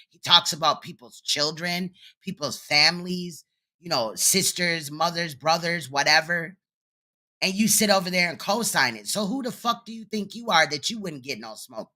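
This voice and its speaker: A woman's voice: low voice, pushed and bright. A woman hosting reaction commentary, blunt, mocking and profane. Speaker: commentary host.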